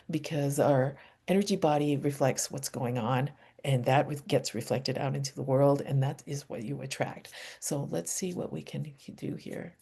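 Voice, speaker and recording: A woman leading a guided energy healing session over a video call, speaking slow affirmations softly and asking questions aloud as she works through a chart. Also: low-pitched, slightly rough. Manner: calm, slow affirmations with soft whispered repeats; asks herself questions aloud while dowsing a chart.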